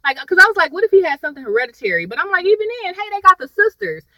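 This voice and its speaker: A woman's voice: extremely high pitch, big pitch swings, racing, pushed and bright, dry recording, rough recording. A woman chatting through a TV episode recap, rambling and wandering off on tangents while talking to her viewers. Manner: addresses viewers as "y'all". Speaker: TV episode reviewer.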